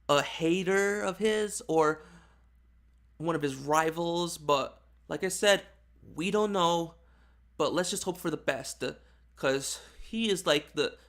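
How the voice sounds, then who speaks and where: A man's voice: a little high, a bit bright. A man giving casual, rambling video commentary with many fillers and restarts. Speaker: YouTube commentator.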